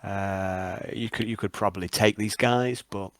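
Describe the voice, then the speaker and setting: A man's voice: fairly low pitch, fairly even intonation, measured pace, dry recording. A man, running a tabletop game as game master and narrating with hesitant starts. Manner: hesitant, many ums and restarts.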